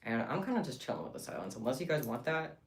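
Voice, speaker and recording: A woman chatting casually and excitably to her viewers while livestreaming her craft work. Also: very deep voice, quick pace, echoey room. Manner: chatty and excitable, talking to chat. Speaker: livestreamer making bead bracelets.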